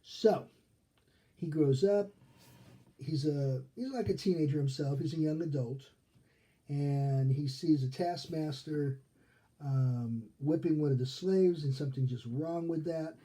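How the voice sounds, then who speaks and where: A male rabbi teaching scripture in a relaxed, chatty way, often pausing to ask "okay?" His voice sits a little high but sounds very dark and mellow. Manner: conversational, checks in with frequent "okay?"; acts out quoted characters in his retelling. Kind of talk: casual Torah study lesson.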